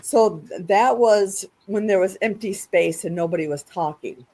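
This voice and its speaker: A woman's voice: mid-range voice, measured pace, mellow. Chatty woman hosting a panel. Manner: chatty, explains at length with frequent restarts. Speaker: podcast host. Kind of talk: casual panel discussion. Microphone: video call.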